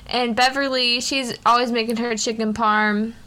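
Bright, laid-back woman podcaster. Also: fairly high pitch, little pitch movement, moderate pace. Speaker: podcast co-host. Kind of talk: casual chat and storytelling.

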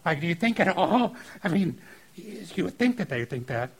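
A man preaching a casual sermon on a scripture passage, informal and animated, breaking into acted-out quotes. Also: high voice, moderate pace, breathy edge, poor audio. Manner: informal and animated, acting out quotes with filler likes.

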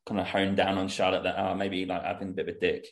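A man with a low voice hosts a conversational podcast. He talks in a relaxed, chatty way, drifting through fillers as he steers toward the next question. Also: fast. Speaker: podcast host. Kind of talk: casual interview chat.

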